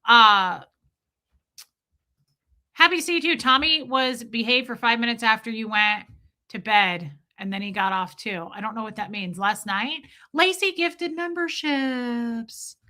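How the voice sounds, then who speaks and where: A woman hosts a casual livestream, chatting away and gushing thanks to her viewers. Her voice is bright and forceful, sitting a little high. She talks in a loose, effusive flow. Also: moderate pace. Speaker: livestream host.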